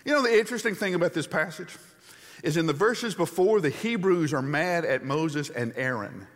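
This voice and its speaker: A man preaching a sermon in a conversational, animated storytelling way. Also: a little high, normal speed. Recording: long hall reverb.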